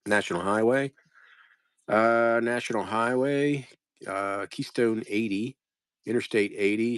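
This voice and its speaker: A man's voice: on the low side, dry recording, clean studio sound. A man selling postcards on a live stream, casually rambling as he reads out place names and chats with viewers by name. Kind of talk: casual live-sale commentary.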